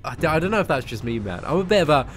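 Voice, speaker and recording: A man's voice: a little high, very animated, racing, soft background music. A young man with a southern English accent, chatting casually on a game live stream, rambling and restarting his sentences. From Surrey, southern England. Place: parents' garden, outdoors.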